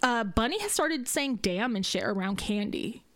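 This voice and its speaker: A woman co-hosting a casual podcast, her voice sitting a touch high. She talks bluntly, swears freely and laughs often. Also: lively intonation, moderate pace, a bit bright, no echo. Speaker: podcast co-host. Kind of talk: casual chat, storytelling.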